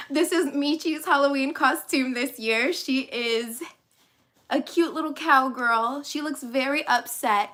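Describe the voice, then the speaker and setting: A bubbly woman coach chats straight to camera from home, quick to laugh and full of asides. Her voice sits high and rings bright and crisp. The talk is loose and friendly rather than scripted. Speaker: life and business coach.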